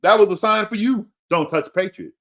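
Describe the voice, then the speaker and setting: A man's voice: sits high, fairly quick, fairly bright tone. A man hosting a fantasy football show, ranting casually and repeating his warnings to a listener, playful and laughing at himself. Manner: emphatic and repetitive, pleading with a listener. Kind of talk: casual opinionated rant.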